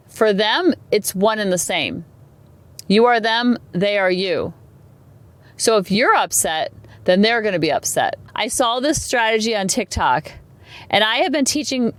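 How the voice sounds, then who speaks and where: A woman's voice: medium pitch, no echo. Chatty woman podcaster, dry close sound. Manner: chatty, rambling, animated asides. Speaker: parenting podcast host. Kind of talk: casual solo podcast talk.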